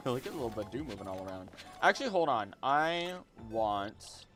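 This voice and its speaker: A man's voice: medium pitch, very animated, normal speed, a bit bright, soft background music. Young man rambling on a game stream. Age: 20s. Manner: rambling, repeats words, talks to chat. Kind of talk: casual gameplay livestream chat.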